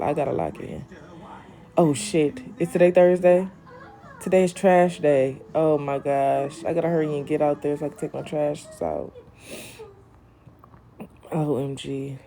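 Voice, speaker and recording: A young woman with a low, gravelly voice chats on her livestream from home, answering viewer comments. Her tone is mellow and darker than most. She talks with sass, tossing out honey and queen as she goes. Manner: chatty, sassy, calls viewers honey and queen. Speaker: livestream host. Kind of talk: casual livestream chat reading comments.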